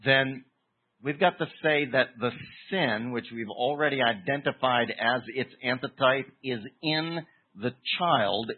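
A man delivers a verse-by-verse sermon at an unhurried pace, leaning on key words with deliberate pauses. His voice is husky, and the recording sounds thin and tinny, like a phone line. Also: mid-range voice. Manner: deliberate, emphatic teaching with pauses. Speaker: preacher. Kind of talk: expository sermon.

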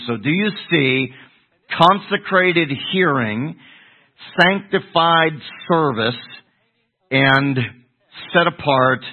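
A man's voice: medium pitch, slightly rough. An older man, a pastor, teaching a Bible sermon, putting questions to the congregation and answering them himself. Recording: tinny phone-like radio broadcast.

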